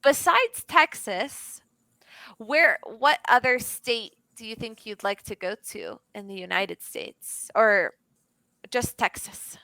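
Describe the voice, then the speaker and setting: A young woman tutors English over a video call, talking in a loose, chatty way full of fillers and restarts. Her voice is bright and somewhat high. The sound is dry and close. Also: slow pace, gravelly, dry recording. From Florida. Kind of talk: casual online lesson chat.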